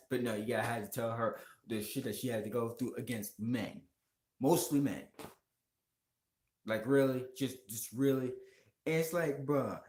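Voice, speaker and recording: A vlogger giving a heated, profane movie rant and talking straight to viewers, voice jumping higher when worked up. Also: reverberant. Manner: heated, swearing, pitch jumps up when worked up; talks to viewers and chat directly. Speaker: video blogger.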